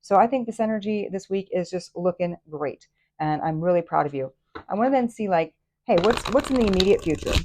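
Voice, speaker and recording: A woman hosting a casual tarot reading, excitable and chatty, with plenty of fillers and restarts. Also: mid-range voice, a little fast. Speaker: tarot reader and channel host.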